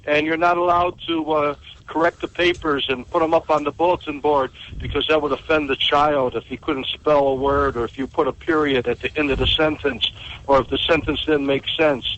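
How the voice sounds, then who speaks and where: Older guy calling in, fired up, bit high-pitched, muffled phone line. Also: steady tone, a little fast, fairly bright tone. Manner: emphatic, complaining. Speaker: caller. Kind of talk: phone-in comment. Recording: dull phone-line caller audio.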